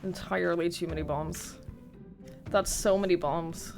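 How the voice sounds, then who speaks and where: A woman's voice: on the low side, steady tone, a little slow, vocal fry, a little mellow, faint music behind. A young woman streamer chatting casually and playfully while she plays. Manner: playful, giggly asides. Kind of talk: casual gaming stream chat.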